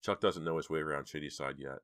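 A man's voice: a bass voice, fast talker, a bit bright, dry recording, studio quality. A man voicing a worried, level-headed teenage girl who talks urgently. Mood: anxious. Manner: anxious, urgent.

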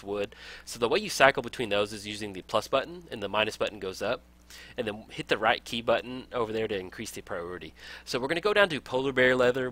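An upbeat young man walks viewers through a strategy game in a casual tutorial voice. His lowish voice has a bright edge, and his pitch swings widely as he gets excited. He laughs easily and cheers at small finds. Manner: upbeat, enthusiastic, laughs often. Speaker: gaming let's play host.

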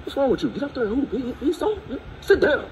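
A man playing a loud pushy basketball coach. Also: very high-pitched, sing-song, slight background noise, low-quality recording. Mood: badgering. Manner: rapid, badgering, shouting.

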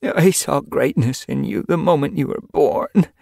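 Brief: a snarling, sneering old she-cat spirit, played by a male reader, husky and raised in pitch, lively swings. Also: unhurried, no echo, studio quality, full character voice. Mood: croaking, fervent. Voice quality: sneering, snarling, later croaking. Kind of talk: audiobook character voice.

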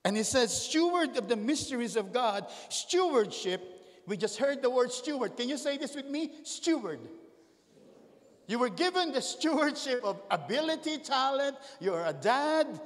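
A male pastor preaching a sermon in a high, animated voice. He swings between loud, ringing calls and hushed asides to the congregation. The sound carries long reverb from a large church hall. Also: normal speed.

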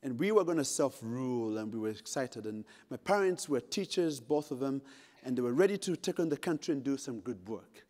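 A man's voice: mid-range voice, lively intonation, a little fast, darkish tone. A middle-aged man from Uganda giving a conference keynote, telling a dramatic story with jokes and speaking straight to the audience. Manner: dramatic, humorous, addresses the audience directly. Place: large conference hall. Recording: long hall reverb.

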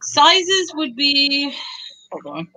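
A woman's voice: sits high, sing-song, extremely slow, sharp tone, rough recording. A woman selling items on a live online auction, chatty and bubbly as she pushes her bargains. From Texas. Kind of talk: live sales pitch.

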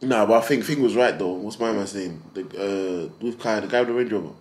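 A man's voice: lowish voice, fairly quick. A man, chatting casually with friends as a vlogger, telling stories in street slang and swearing freely. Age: 20s.

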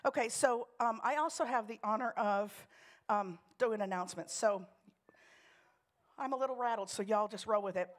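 A woman with a lilt, her voice sitting a bit high, runs through church announcements from the front. She is chatty and upbeat and keeps restarting her sentences as she goes. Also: normal speed. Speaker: church leader giving announcements. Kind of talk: prayer and casual church announcements.

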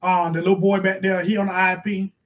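A man doing a brash middle-aged mom, scolding, high voice, live stream character. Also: little pitch movement, close to an everyday voice. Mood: bossy. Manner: scolding, brash, quick to snap at the kids. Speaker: live stream host reading donations. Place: bedroom at home.

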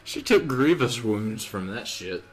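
A man's voice: medium pitch, sing-song, unhurried, a little hiss or hum. A man co-commenting on a video game, wry and sarcastic, giggling often. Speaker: let's play co-commentator. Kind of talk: casual gaming commentary.

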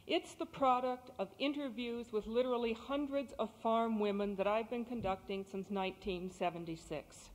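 A woman from Texas giving a prepared speech as guest speaker, crisp and articulate with light humor. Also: fairly high pitch, moderate pace, few pauses. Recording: cassette recording in a reverberant hall.

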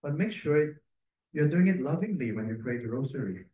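Priest preaching in an echoey room. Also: male voice, fairly high pitch, expressive, moderate pace, mellow. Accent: Filipino English. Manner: conversational, laughing asides, tag questions. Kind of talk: sermon.

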